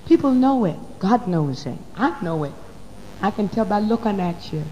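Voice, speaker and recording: A woman preaching a sermon to her congregation in church, dropping to a hush and then rising loud, calling her listeners baby and honey. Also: medium pitch, lively intonation, normal speed, in a large hall, rough recording. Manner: swoops from hushed to loud. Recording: faint hum on an old recording.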